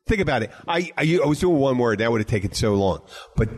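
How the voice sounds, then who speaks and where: Rambling, animated male bartender host. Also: fairly high pitch, fast talker. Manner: rambling, animated storytelling with frequent restarts. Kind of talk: casual podcast chat.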